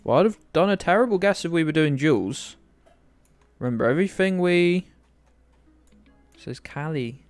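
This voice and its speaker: A man's voice: a little high, lively intonation, moderate pace, pauses often, no room sound, faint music behind. A man from the UK chatting casually and rambling to viewers while streaming a game, often joking at his own expense. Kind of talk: casual live-stream commentary.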